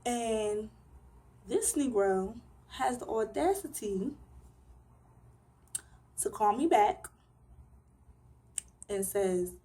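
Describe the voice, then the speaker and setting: A woman's voice: mid-range voice, expressive, very slow, pauses often, mellow. A young woman vlogger telling a personal story in a casual, emphatic way, full of slang.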